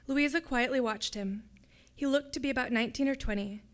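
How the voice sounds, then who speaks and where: A woman, a graduate student, reading her own fiction aloud at a public reading in a lecture hall, in a steady descriptive way. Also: high-pitched, brisk.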